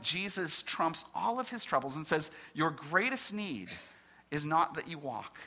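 Animated, bright-voiced male preacher. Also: mid-range voice. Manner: expository preaching with dramatic pauses and quoted dialogue. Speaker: pastor. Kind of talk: sermon.

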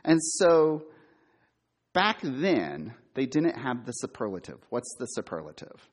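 A middle-aged man preaching a sermon, quizzing his listeners and repeating key words for emphasis, sometimes loud and sometimes hushed. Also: mid-range voice, sing-song, a little slow, husky. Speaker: preacher, former campus minister.

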